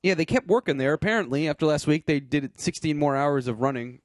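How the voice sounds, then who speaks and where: A man's voice: a little high, a little fast, no echo, clean studio sound. A man co-hosting a podcast, recapping a reality TV episode in loose, jokey casual chat. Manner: loose, jokey, acts out quotes. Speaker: podcast co-host.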